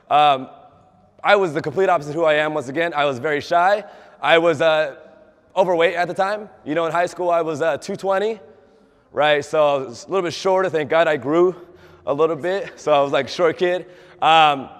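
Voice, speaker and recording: A man's voice: on the high side, a bit bright. A young man speaks to a room as a fitness trainer, chatting through his own story and turning to quiz his listeners. He acts out quoted dialogue in a slightly raised, upbeat voice. His talk rings with the long reverb of a hall. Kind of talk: motivational talk to a live group.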